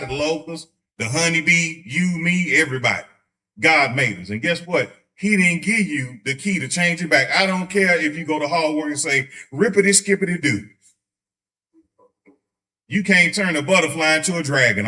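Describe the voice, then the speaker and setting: Male pastor, bright voice, fairly high, joking casual Bible study. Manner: joking, animated, acts out quick voices. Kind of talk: conversational sermon. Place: church sanctuary.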